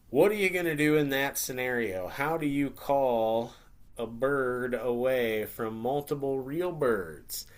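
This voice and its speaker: A man teaching a beginner webinar in a relaxed, conversational way, sometimes acting out little scenes in playful voices. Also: medium pitch. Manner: conversational, acts out turkey scenarios with playful voices. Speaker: hunting instructor. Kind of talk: webinar lesson.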